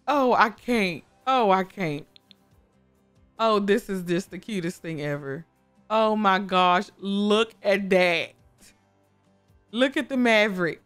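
A young woman giving casual gameplay commentary, gushing, excitable and talking to her game characters, often breaking into high squeals. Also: slow pace, pauses often, clean tone. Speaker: gaming YouTuber. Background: faint background music.

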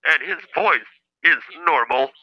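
A man voicing a monotone, computer-voiced male caller who talks in stiff, clipped, formal phrases. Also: fairly high pitch, measured pace, husky, lo-fi sound, exaggerated voice. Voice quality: flat synthetic speech-device voice.

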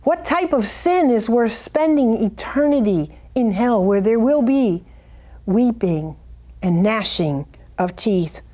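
A middle-aged woman giving an impassioned Christian testimony and prayer, fervent and pleading, her voice climbing high when she cries out. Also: expressive, takes it slowly, warm tone. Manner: fervent, pleading, rises high on cried-out lines. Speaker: Christian speaker sharing a vision.

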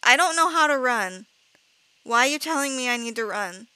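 A woman's voice: sits high, expressive, normal speed, bright, forceful tone, clean tone, dry recording. A woman streaming a horror game live, jumpy and easily frightened. She laughs nervously, shrieks when scared, swears casually and keeps apologizing to her viewers. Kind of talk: live gameplay commentary.

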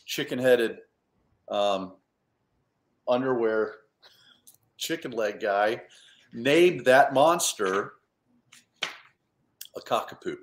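A man who writes and draws children's books talks about his work in a chatty, rambling way. He pokes fun at himself, and his voice sits at a medium pitch. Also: expressive, drawn-out words, long pauses, echoey room. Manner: chatty, self-deprecating, rambling. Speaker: children's author and illustrator. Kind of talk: casual storytime talk.

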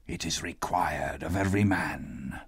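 A hollow, hoarse whisper of a doomed male ghost, as a male narrator puts him on. He drags every word out slowly and mournfully. The sound is dry and close. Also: deep voice, no echo, voice pushed down, exaggerated voice. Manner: slow, drawn-out, hollow delivery. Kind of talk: audiobook narration.

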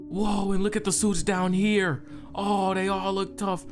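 A man giving casual let's-play commentary, excitable and full of slang, trash-talking enemies. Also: sits high, unhurried, music in the background. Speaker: gaming streamer.

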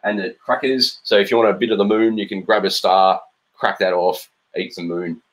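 During a live-stream drawing chat, a relaxed, middle-aged Australian man sketches cartoons while joking his way through a running commentary peppered with ums. His voice is fairly low, his speed normal, and he addresses viewers like a friendly teacher.

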